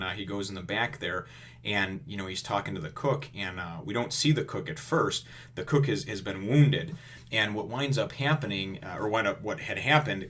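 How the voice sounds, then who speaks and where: A man's voice: deep voice, bright, forceful tone, a little hiss or hum. A man giving a casual, rambling review of a comic chapter, full of fillers and chuckles.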